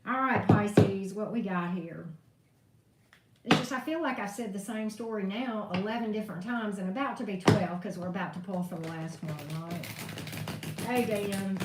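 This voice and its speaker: A woman reading tarot on a live stream, venting in a blunt, profane way. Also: mid-range voice. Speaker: tarot reader. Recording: echoey room, distant mic, faint noise.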